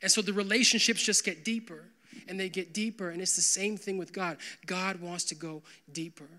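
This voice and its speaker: A young man preaching as pastor, with a bright voice that sits high for a man. He keeps his sermon loose and conversational, full of "like" and quick asides to the church. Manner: conversational, animated, full of "like" fillers.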